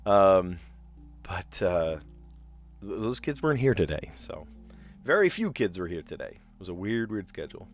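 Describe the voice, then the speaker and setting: A man's voice: low-pitched, big pitch swings, normal speed, soft background music. A man chatting casually on a puzzle live stream, rambling and explaining where words come from. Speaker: streamer playing word puzzles.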